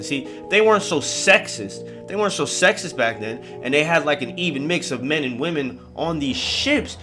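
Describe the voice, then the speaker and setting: A man's voice: on the high side, expressive, normal speed, hardly any pauses, music in the background. A man telling a spooky story in a casual, comedic way, full of swearing and rambling asides.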